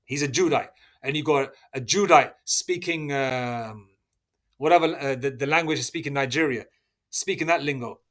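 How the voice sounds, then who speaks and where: A man with a fairly high voice delivers a preaching lecture, reading scripture aloud between points. He keeps checking in with his listeners, and his emphasis comes in sudden loud bursts. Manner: checks in with listeners constantly, asking "okay?" and "all right?". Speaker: religious teacher.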